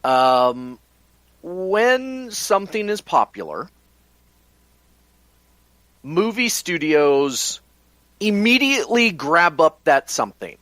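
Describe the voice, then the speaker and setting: Slow, measured man explaining on a podcast. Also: fairly high pitch, sing-song, fairly bright tone, no room sound. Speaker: podcast co-host. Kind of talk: casual podcast chat.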